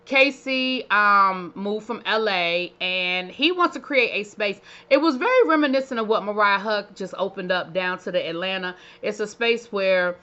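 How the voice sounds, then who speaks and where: A woman's voice: medium pitch, normal speed, few pauses, lo-fi sound. Sassy, chatty woman reviewer. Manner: chatty, sassy, animated with playful asides. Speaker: reality TV reviewer. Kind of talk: casual recap commentary.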